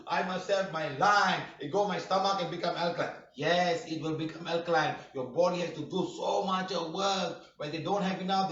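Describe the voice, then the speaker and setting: A man teaching a healing workshop class, speaking emphatically, often shouting and firing rhetorical questions. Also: high voice. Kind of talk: classroom lecture. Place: workshop room. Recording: roomy, distant, dull lo-fi room recording.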